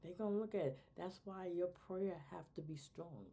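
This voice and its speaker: A middle-aged woman, co-host of a talk show, giving casual advice about raising children and acting out quoted talk in lively voices. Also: on the low side, moderate pace, breathy edge. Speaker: podcast co-host.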